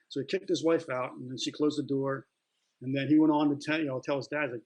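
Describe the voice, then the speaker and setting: Middle-aged man, interview guest, relaxed storyteller, plain-spoken, mid-range voice. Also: medium pitch, quick pace, rough recording. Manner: plain-spoken, loose, many fillers and restarts. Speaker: interview guest, retired Marine. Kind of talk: casual storytelling.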